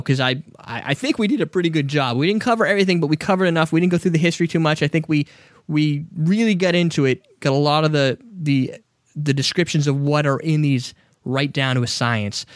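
A man's voice: on the high side, no room sound, studio quality. Profane, joking man hosting a podcast. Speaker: podcast host. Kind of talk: casual podcast chat.

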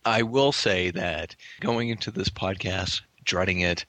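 A man co-hosting a podcast, chatting casually about beers he is tasting, with a relaxed, swearing manner full of restarts. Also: low voice, a little slow, no room sound. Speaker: podcast co-host. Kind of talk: casual beer-tasting chat.

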